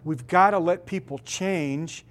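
A man's voice: sits high, measured pace, a bit bright. A middle-aged male pastor preaching with a slightly raised voice. He leans hard on key words and stretches them out for effect. His delivery is earnest and emphatic. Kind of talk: sermon.

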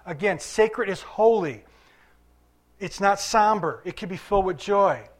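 A man's voice: sits high, a little slow. An older man preaching a sermon to his congregation, conversational, asking questions and waiting for answers, recovering from illness. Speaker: pastor.

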